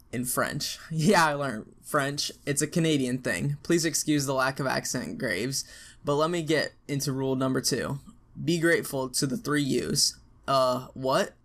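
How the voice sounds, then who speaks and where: A young man reads a long advice post aloud, his voice sitting a little on the high side. He talks frank and casual, full of slang and cursing, pressing each point home. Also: a bit bright. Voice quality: frank and profane, with slangy asides. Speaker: narrator reading out an online post.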